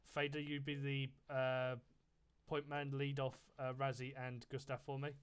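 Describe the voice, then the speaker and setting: A man leading his squad over voice chat in a military simulation game, brisk and swearing when frustrated. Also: mid-range voice, completely flat delivery, smooth. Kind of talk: tactical radio chatter while playing.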